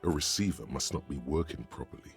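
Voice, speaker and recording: An actor voicing a brooding, ominous narrator in a video game, speaking in a slow, solemn, descriptive way with a deep, gravelly voice. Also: male voice, animated. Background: faint game music.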